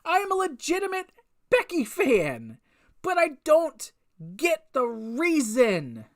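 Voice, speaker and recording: A woman's voice: high-pitched, wildly swooping pitch, takes it slowly. A woman giving a casual review of a wrestling show, ranting with exasperated rhetorical questions and frequent swearing. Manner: repetitive restarts and rhetorical questions.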